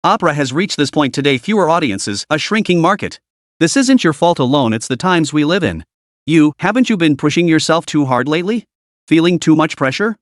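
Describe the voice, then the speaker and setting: A man voicing a kindly elderly male opera master on the phone, speaking slowly and soothingly. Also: on the high side, very animated, no room sound, studio quality. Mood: gently pitying.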